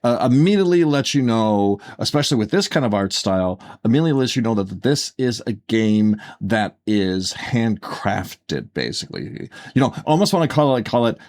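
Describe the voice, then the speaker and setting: A man's voice: lowish voice, sing-song, moderate pace, hardly any pauses, darkish tone. A man co-hosting a casual podcast, talking things through in a rambling way with lots of fillers and restarts. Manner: rambling, filler-heavy, self-correcting. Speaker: podcast co-host. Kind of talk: casual chat.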